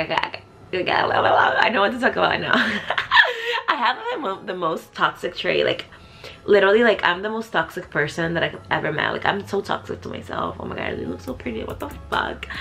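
A young woman vlogging in a loose, chatty way, swearing freely and thinking out loud. Her voice has a gravelly, fried edge at a middle pitch. Faint music plays softly behind her. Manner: profane, chatty, thinking aloud. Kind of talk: casual vlog chat.

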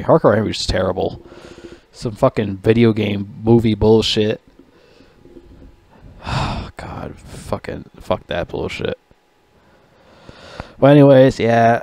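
A man's voice: on the low side, a little slow, gravelly, long pauses, a little mellow, no echo. A man giving a casual, rambling movie review, swearing a lot and laughing at his own jokes. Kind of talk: casual rant.

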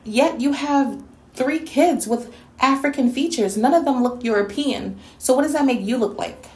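A woman's voice: high-pitched, moderate pace, reverberant. A woman from New York City delivering a scolding, sassy rant in a response video. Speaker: YouTube commentator.

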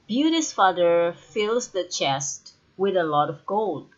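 A woman reading a simple storybook aloud slowly and carefully, lifting her voice for the characters' lines. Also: poor audio. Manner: slow, careful reading with lively pitch on dialogue. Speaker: storybook reader. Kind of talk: slow graded-reader narration.

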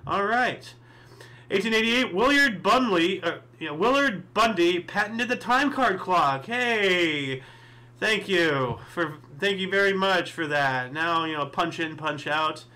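A man with a high, bright voice hosts a casual history show. He reads off dates and events, then rambles through asides full of fillers and second thoughts. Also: lively intonation, measured pace. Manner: rambling, thinks aloud with many fillers and asides. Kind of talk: casual solo commentary reading history events.

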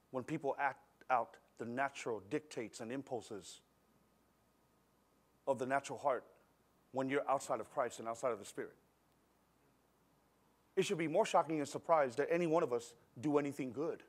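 A middle-aged man preaching a sermon in a church service, telling a personal story in a conversational, animated way and swinging between quiet and loud. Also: mid-range voice, moderate pace, pauses often. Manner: animated, conversational, acts out scenes with shifting loudness. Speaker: pastor.

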